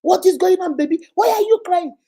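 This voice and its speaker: A woman doing a loud, indignant husband. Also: high-pitched, fairly quick, close to an everyday voice. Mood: frantic. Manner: loud, indignant, self-justifying. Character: hot-tempered man who hits his wife.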